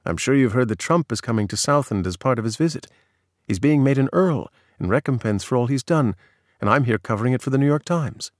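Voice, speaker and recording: A man's voice: mid-range voice, expressive, brisk, dry recording, clean studio sound, lightly acted. A man voicing a sly, brash middle-aged English man pulling a prank, pushy and mock-offended, as he reads dialogue in an audio article.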